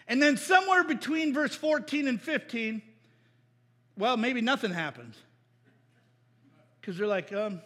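Bright high-voiced middle-aged guy preaching, playful, acts out voices, big hall echo. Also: normal speed, long pauses, breathy edge. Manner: energetic and playful, acts out voices, asks the crowd "Amen?". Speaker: pastor. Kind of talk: sermon.

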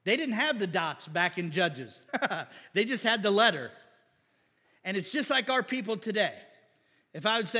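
High-voiced preacher in an echoing hall. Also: male voice, sing-song, normal speed, pauses often, pushed and bright, husky. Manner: folksy, asks the congregation questions. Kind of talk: conversational sermon. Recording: long hall reverb.

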